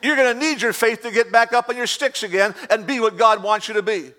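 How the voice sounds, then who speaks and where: A man's voice: high voice, steady tone, brisk, pushed and bright. A man preaching a sermon, emphatic and repetitive, mixing in humorous asides. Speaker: pastor.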